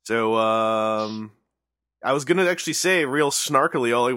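Bright-voiced enthusiastic podcast host. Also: male voice, lowish voice, moderate pace, no room sound, clean studio sound. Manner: enthusiastic, rambling with fillers. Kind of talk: casual podcast chat.

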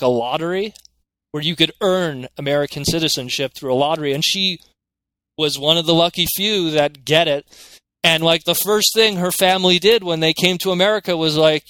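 A man's voice: a little high, bright, forceful tone, no room sound. A man in a casual podcast chat, talking animatedly and filling his speech with "like" and "you know".

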